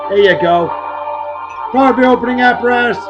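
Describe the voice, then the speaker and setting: A man's voice: very high-pitched, fairly quick, dull audio, music in the background. A man from Massachusetts with a Boston-area accent, hosting a casual beer-tasting vlog at his home desk in a hammy, jokey way. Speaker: beer review show host.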